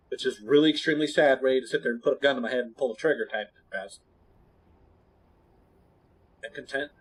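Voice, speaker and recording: A man streaming, chatting with his viewers in a blunt, candid, rambling way that often drops suddenly to a quiet mumble. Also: mid-range voice, breathy edge. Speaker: gaming streamer. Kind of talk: casual chat to stream viewers.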